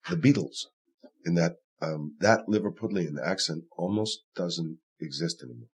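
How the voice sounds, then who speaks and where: A man with a very deep, husky voice talks over his stage work in an interview. He is thoughtful and rambling, with plenty of fillers and restarts. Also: animated, moderate pace. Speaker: actor in the play. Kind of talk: conversational interview.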